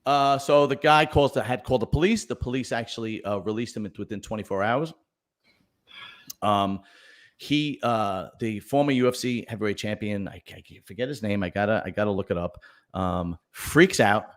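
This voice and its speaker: A man's voice: lowish voice, moderate pace. Man rambling through news stories. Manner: rambling storyteller with many fillers and restarts; tells jokes read out for viewer donations. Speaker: podcast host. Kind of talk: casual news chat.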